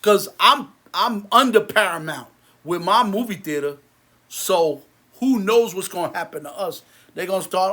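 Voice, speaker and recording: A man with a rather high voice rants to camera, heated and bitter. He repeats himself and restarts his lines, then lets his voice drop low and quiet in tired stretches. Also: expressive, unhurried. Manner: repetitive, many restarts. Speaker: movie theater owner. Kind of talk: angry rant to camera.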